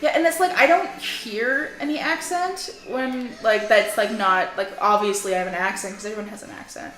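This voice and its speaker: A woman's voice: mid-range voice, normal speed, fairly bright tone. A young woman from Canada chatting casually while gaming, rambling and giggling, with lots of "like.". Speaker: co-host. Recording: echoey room. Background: game music.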